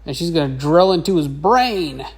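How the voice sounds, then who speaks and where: A woman's voice: low-pitched, animated, moderate pace, breathy edge. A woman teacher narrating a casual drawing lesson in a chatty, rambling way. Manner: chatty, rambling, with many fillers.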